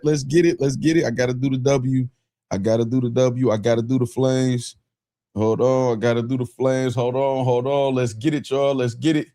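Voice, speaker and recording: A man hosting a casual livestream, excitable and profane, shouting out chat and repeating himself. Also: mid-range voice, normal speed. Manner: profane, laughing. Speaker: livestream host.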